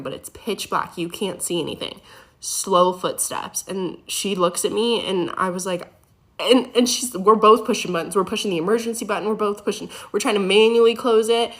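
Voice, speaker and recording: A woman's voice: medium pitch, fairly bright tone. A young woman casually telling a spooky story from her work as an EMT, full of fillers and nervous laughs.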